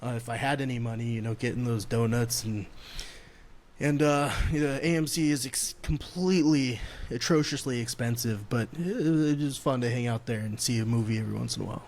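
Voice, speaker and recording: A man's voice: medium pitch, a little fast, darkish tone. A young man, a podcast guest, telling stories in casual chat, rambling with lots of fillers. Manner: rambling anecdotes with many fillers.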